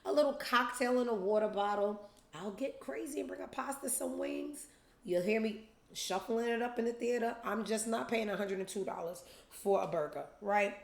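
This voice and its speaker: A woman's voice: a little high, moderate pace, creaky. A young adult woman hosting a show, telling a profane story casually and acting out other people's lines in different voices. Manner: animated, profane, acts out quotes in different voices. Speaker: podcast host. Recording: roomy echo.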